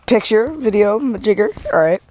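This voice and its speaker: A man's voice: high voice, animated, normal speed, darkish tone. A man hosting a casual fishing vlog, talking outdoors from a small boat on a lake into an action camera and cheering on his fishing partner. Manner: upbeat, coaching a companion as fish come in. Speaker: fishing channel host. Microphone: action camera mounted on or near him.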